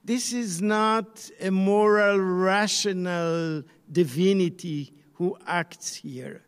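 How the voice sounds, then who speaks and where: Male scholar, high voice, slow searching delivery, long echo. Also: clean tone. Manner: slow, searching, with many pauses and restarts. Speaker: scholar lecturing on the Bible. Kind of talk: online lecture.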